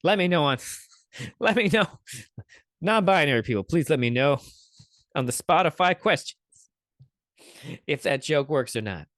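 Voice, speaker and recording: Guy doing snarky podcast commentary, kinda high voice, cusses a lot, dead dry room. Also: expressive, normal speed, pauses often, a bit bright, dry recording. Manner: sarcastic, swears a lot. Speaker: podcast host. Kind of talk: casual commentary reacting to clips.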